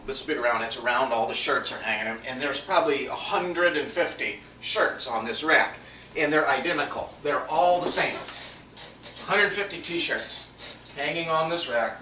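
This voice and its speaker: A minister with a fairly high, pushed, bright male voice shares a personal story during a sermon. He sounds earnest and confessional, dropping almost to a whisper when voicing his inner thoughts. The recording is echoey and distant, with faint background noise.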